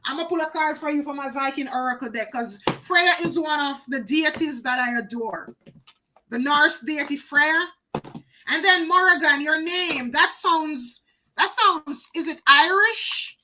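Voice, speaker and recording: A woman's voice: high voice, unhurried, pushed and bright, a little hiss or hum, rough recording. A woman doing a live oracle card reading, chatty, talking to viewers by name and repeating phrases for emphasis.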